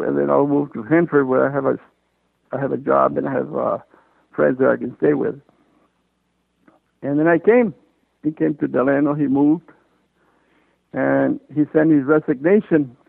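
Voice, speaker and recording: A man's voice: a little high, creaky, dry recording, narrow, tinny audio. An older man telling his story in an oral history interview, acting out the dialogue he remembers.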